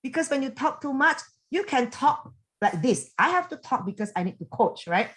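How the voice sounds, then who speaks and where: A woman giving a motivational coaching talk over a video call, animated and chatty, full of fillers and quick laughs. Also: sits high. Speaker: business coach and team leader.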